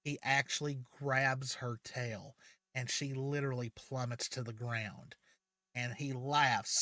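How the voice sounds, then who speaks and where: A man's voice: medium pitch, steady tone, takes it slowly, sharp tone, dry recording, studio quality. A man hosting his channel, casually retelling a fan story with many fillers.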